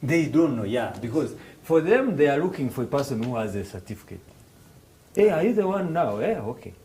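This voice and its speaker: A man's voice: medium pitch, fairly quick, rough recording. A man with a Rwandan English accent explaining financial markets to students, acting out little dialogues and restarting his phrases. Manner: animated, acts out dialogues in raised voices, hesitant restarts. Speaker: financial literacy instructor. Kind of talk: classroom explanation with acted examples.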